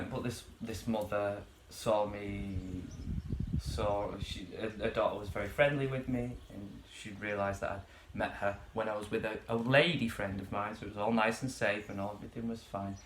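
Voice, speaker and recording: A man's voice: fairly low pitch, fairly even intonation, moderate pace, a bit bright, slight background noise. Rambling, swearing man in echoey bedroom. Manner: swears freely, rambling with many fillers. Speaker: vlogger. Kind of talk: casual ranting monologue.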